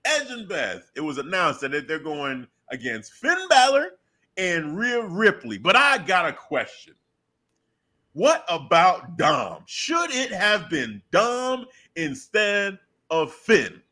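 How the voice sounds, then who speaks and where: A man co-hosting a live talk stream in loose, animated casual chat, laughing often. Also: high voice, slow. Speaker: co-host of a wrestling talk stream.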